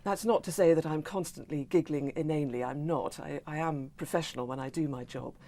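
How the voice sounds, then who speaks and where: A middle-aged woman, a radio newsreader, answering interview questions in a clear, measured way, with a tendency to giggle. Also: low-pitched, warm tone.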